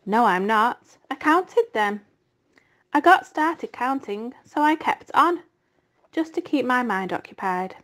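A woman voicing a wise, weary female spider who speaks in a soft, measured way. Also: on the high side, lively intonation. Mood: gentle.

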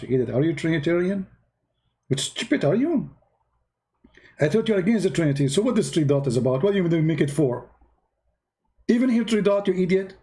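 Give me a man scolding and mocking in heated commentary, with a high, dark voice. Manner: mocking, scolding, repeats himself, broken English. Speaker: host reacting to a video.

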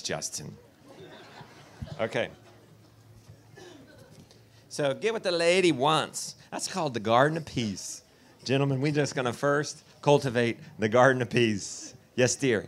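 A man's voice: mid-range voice, fairly bright tone. A man giving a live talk at a festival. He tells folksy, joking stories and talks straight to the crowd. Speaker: festival speaker. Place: festival tent.

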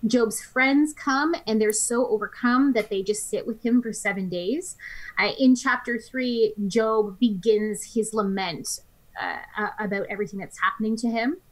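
A woman co-hosting a Bible study discussion, summing up scripture chapters briskly in her own words on a studio microphone. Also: a little high, rough recording.

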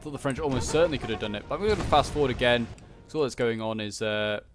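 A man's voice: medium pitch, quick pace, faint music behind. A man casually commenting on a strategy game battle, rambling with lots of fillers. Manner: chatty and rambling, many fillers like "like" and "uh". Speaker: gameplay commentator.

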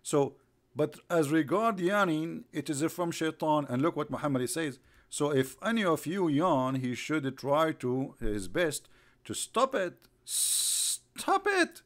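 A man's voice: a little high, expressive, measured pace. A man hosting a live online broadcast, mocking his subject with sarcastic rhetorical questions, repetition and bursts of laughter. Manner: rhetorical, repeats himself.

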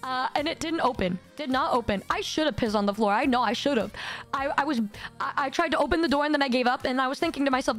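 A woman streaming to her chat in casual storytelling, her voice sitting high and leaping even higher when she gets exasperated. She swears freely and tells it animatedly into a streaming microphone, with faint music playing behind her. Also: fast.

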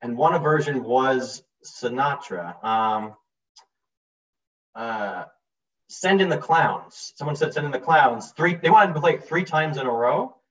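A man from New Jersey hosting a casual chat, hesitant and quick to laugh, on a video call. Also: mid-range voice, animated, fairly bright tone. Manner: laughs easily, hesitant with ums. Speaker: host. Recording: distant, dull video-call audio.

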